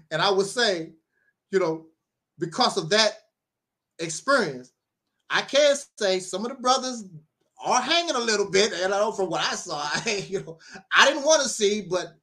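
A man's voice: high voice, lively intonation, measured pace, pauses often, sharp tone. A man preaching in a livestream monologue, talking emphatically, laughing often and repeating himself. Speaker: self-styled minister.

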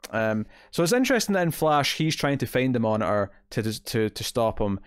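Man, podcast co-host, casual TV review, rambling, fillers, mid pitch, dry recording. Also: very animated, a little fast, clean tone, no echo. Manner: rambling, lots of fillers and quoted asides.

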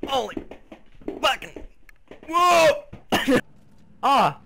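A gaming video creator with a very high voice and vocal fry does loose let's play commentary on a horror game, speaking extremely slowly. He is excitable, swearing, yelping and shouting at scares, and singing or humming to himself as he plays, with slight hiss or hum in the audio.

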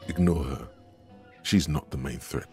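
A man voicing the grim male narrator of a detective game, slow, ominous and vivid. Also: darkish tone, faint music behind, heavily acted. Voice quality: deep and gravelly. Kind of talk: dramatic scripted narration.

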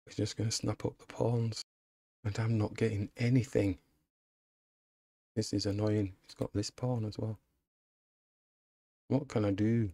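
A man's voice: lowish voice, little pitch movement, normal speed, pauses often, dark tone, husky, dry recording, studio quality. A man commenting casually on his own chess game, muttering frustrated remarks to himself. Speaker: chess streamer.

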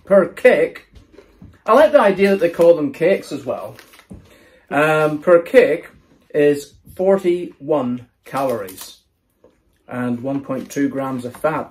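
A chatty man tastes snacks and reads the packets aloud. His voice sits a little high and swings up and down with lively, animated pitch. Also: takes it slowly, pauses often. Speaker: co-host tasting snacks. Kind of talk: casual chat.

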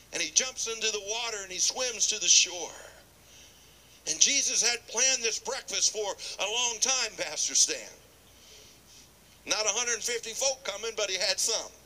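Bright high-voiced male preacher. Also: rough recording. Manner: animated, acts out scripture dialogue, drops to a whisper at times. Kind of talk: sermon.

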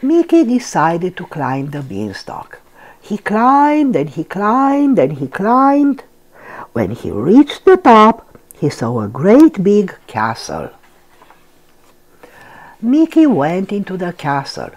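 Slow, very expressive grandma reading aloud. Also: female voice, medium pitch. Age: older. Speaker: storyteller, channel host. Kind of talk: children's read-aloud storytelling.

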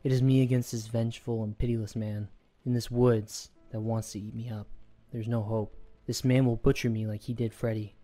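A man narrating a first-person horror story in a steady, measured way. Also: medium pitch.

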